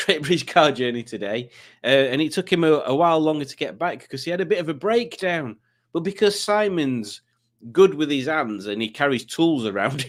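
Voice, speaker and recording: A man's voice: a little high, a bit bright. Man, casual livestream quiz host, rambling chat, reads comments out, self-mocking asides.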